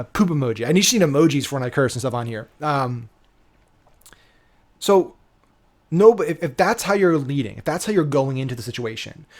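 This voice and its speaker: A man giving a casual, emphatic marketing lesson, often checking in with "right?" and swearing casually. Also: on the high side. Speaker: digital marketing coach. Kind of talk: casual instructional talk.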